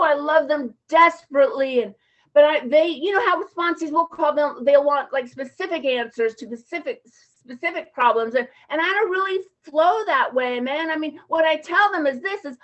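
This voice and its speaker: In muffled, low-fidelity conference audio, a woman with a high voice gives a personal recovery talk. She's from around Champaign, Illinois, and her delivery is candid, relaxed, openly emotional, and peppered with slang.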